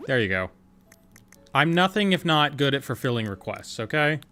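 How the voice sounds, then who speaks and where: A man streaming a game, talking through each step in a loose, playful way as he decides what to do next. His voice sits at an ordinary middle pitch, with faint game music behind him. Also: very animated, moderate pace, pushed and bright. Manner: thinking aloud, chatty and playful, answering chat. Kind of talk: casual gameplay commentary.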